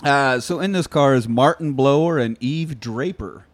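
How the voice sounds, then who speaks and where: Animated man retelling movie scenes. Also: medium pitch, measured pace. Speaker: podcast host. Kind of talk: casual movie chat.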